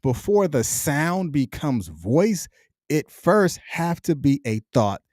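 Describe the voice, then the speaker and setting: A middle-aged man speaks straight into a dry, close mic, his voice sitting a touch higher than most men's. He builds a motivational monologue in rolling, repeated phrases with a preacher's cadence. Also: sing-song, slow, darkish tone, no echo. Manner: reflective, repetitive, preacher-like cadence. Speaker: podcast host.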